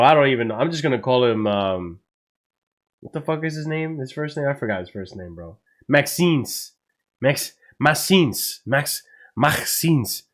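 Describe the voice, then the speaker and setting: A man hosting a live football watchalong stream, excitable and swearing a lot, with loud outbursts at big moments. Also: medium pitch. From United States. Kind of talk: live match reaction stream.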